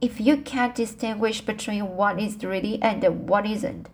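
A woman reading the part of a stern, brisk middle-aged spinster in an amateur audiobook, with slips and restarts. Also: mid-range voice, fairly even intonation, slight background noise, natural voice.

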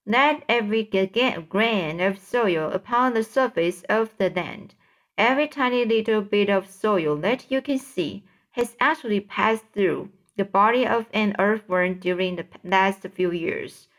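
Woman reader as a prim storybook earthworm, earnest, slow. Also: mid-range voice, close to an everyday voice. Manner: scolding, then bright and earnest. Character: fussy, indignant earthworm.

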